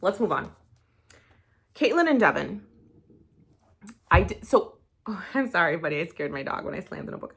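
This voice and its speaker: A woman's voice: on the low side, very animated, moderate pace, gravelly, long pauses, a bit bright, slightly rough. A young woman recapping a reality show, talking bluntly and heatedly and swearing freely. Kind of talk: casual opinionated commentary.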